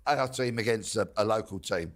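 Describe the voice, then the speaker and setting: A man's voice: lowish voice, a little fast. A man on a talk panel telling an anecdote in a chatty, colloquial way.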